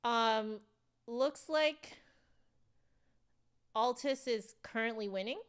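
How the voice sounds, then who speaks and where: Her voice is fairly high, slow, and clean-toned as she runs a flute livestream. Chatty and giggly, she reads viewer messages aloud, self-corrects, and leans on "like" and "um".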